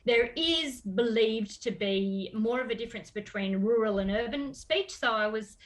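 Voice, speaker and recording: A woman, a guest expert on a radio interview, explaining speech patterns in a measured, thoughtful way. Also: on the high side, rough recording.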